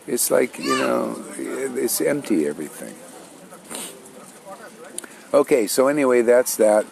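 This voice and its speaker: A man's voice: medium pitch, gravelly, a little mellow. An older man, telling his spiritual story in a rambling, casual way with many restarts. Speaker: spiritual teacher.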